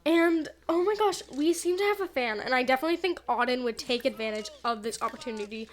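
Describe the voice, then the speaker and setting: A young woman chatting through a life-sim let's play, animated and gushing, full of "like" and "oh my gosh". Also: sits high, fast talker, hardly any pauses. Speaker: gaming YouTuber. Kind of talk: excited let's play commentary.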